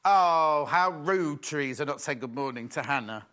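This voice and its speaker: A man's voice: on the high side, animated, normal speed, sharp tone. A middle-aged man presenting live sales on TV, chatty and teasing as he banters with his crew. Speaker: shopping channel presenter.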